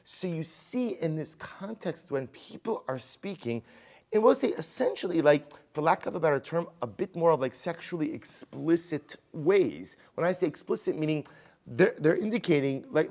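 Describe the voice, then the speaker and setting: A man teaching a Talmud class as a rabbi, conversational and animated, asking rhetorical questions and mixing in Hebrew and Aramaic terms. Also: a little high, moderate pace. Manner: conversational, many rhetorical "right?" questions and restarts; animated, swings loud and quiet for emphasis.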